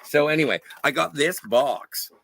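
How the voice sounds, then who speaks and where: Gravelly, halting man on a panel. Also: a little high, expressive, fairly bright tone, no room sound. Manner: halting, with many fillers and restarts. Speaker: livestream panelist. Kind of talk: panel debate and anecdote.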